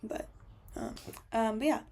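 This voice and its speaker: A woman's voice: fairly high pitch, fairly even intonation, unhurried, noisy background. A young woman telling a travel story as a voice-over, chatty and full of fillers. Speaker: travel vlogger.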